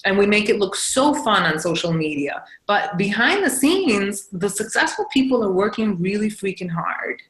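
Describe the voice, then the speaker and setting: A woman's voice: mid-range voice, fairly bright tone, reverberant, low-quality recording. A woman leading a team coaching call, talking frankly and encouragingly in a casual, chatty way. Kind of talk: casual motivational talk.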